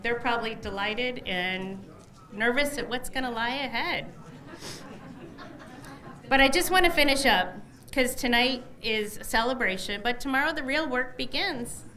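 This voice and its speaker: Woman, middle-aged, victory speech, emotional and gushing, bright ringing voice, fairly high. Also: unhurried. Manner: emotional, effusive and grateful, lists many thanks. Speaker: newly elected candidate. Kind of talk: election night victory speech. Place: campaign headquarters party.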